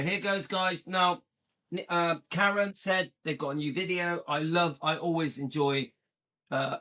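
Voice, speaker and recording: A man talks loosely to his viewers, thinking aloud and restarting sentences. His voice sits a little high for a man, and he sounds put out as he hosts his reaction channel. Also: sharp tone. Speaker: channel host reacting to videos. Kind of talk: casual commentary.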